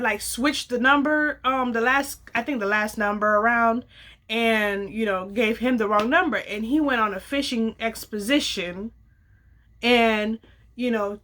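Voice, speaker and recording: A young adult woman casually telling a personal story, acting out the dialogue with lively slang. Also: a little high. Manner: animated, acts out quoted dialogue, casual slang.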